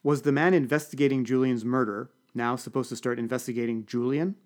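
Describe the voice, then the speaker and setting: A man's voice: medium pitch, fairly even intonation, a little fast, a little mellow. A man giving a dry, wry first-person audiobook narration.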